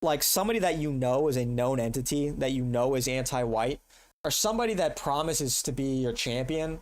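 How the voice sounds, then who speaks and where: A man's voice: medium pitch, lively intonation, brisk. A congested man talking casually on a live stream, loose and profane, rambling and restarting his sentences. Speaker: streamer reacting to videos.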